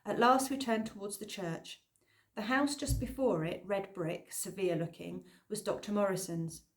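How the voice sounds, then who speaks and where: A woman narrating an audiobook in an expressive, lively storytelling manner. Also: medium pitch, moderate pace. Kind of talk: scripted narration.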